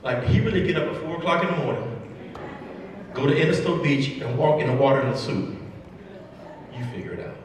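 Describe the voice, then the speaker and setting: A man telling a story in a keynote speech to educators, animated and repetitive, building emphasis with each line. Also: medium pitch, quick pace, long pauses, a little hiss or hum. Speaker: motivational speaker to educators. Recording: echoey hall, mic far off.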